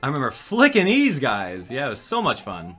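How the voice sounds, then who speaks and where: A young man hosting a gaming channel, giving excitable, jokey live commentary and reading out and answering viewers' chat as he plays. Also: medium pitch, brisk, faint music behind.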